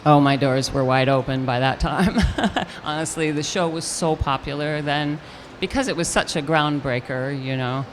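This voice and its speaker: Older woman telling a lively stage anecdote. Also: sits low, normal speed, few pauses, slight background noise. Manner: animated anecdote-telling, acting out quotes. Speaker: interview guest, actress. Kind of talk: storytelling in a live stage interview. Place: convention stage with audience hall ambience.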